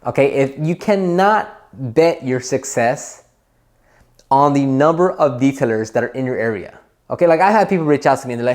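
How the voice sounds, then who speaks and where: A man's voice: mid-range voice, moderate pace. Emphatic man giving business advice. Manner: animated, emphatic, repeats himself with many fillers. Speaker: detailing business channel host. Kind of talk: casual advice vlog to camera.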